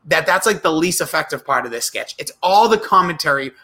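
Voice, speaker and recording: High bright-voiced guy gushing about sketches on a podcast, laughs a lot. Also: brisk. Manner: animated, acts out quotes, laughs often. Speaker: podcast co-host. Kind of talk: casual chat recapping comedy sketches.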